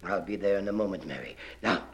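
A man's voice: deep voice, animated, slight background noise, pitched below the performer's own voice. A man voicing a rich, smug old male governor who mumbles and hesitates with lots of ums and uhs. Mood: smug mumbling. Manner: halting, full of ums and uhs.

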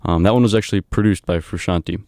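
A man with a deep, flat voice casually back-announces songs on the radio, stopping often for ums and uhs. His tone is smooth and clear. The studio sound is dry and close, with no room echo. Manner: halting, many ums and uhs.

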